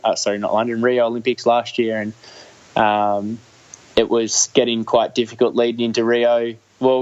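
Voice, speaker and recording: A man's voice: fairly low pitch, dull audio. A young Australian man talking casually in an interview, hesitant, with many restarts and fillers. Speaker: guest, Olympic triathlete.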